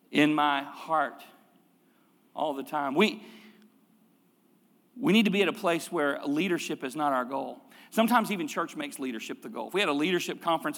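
Middle-aged man, pastor, preaching a sermon; slightly high voice, reverberant church hall. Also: a bit bright. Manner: conversational preaching with rhetorical questions and repetitions. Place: church sanctuary.

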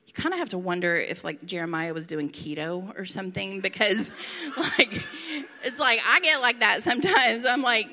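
A woman's voice: medium pitch, moderate pace, sharp tone. A middle-aged woman giving a casual, chatty sermon with playful asides. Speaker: pastor. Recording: reverberant hall.

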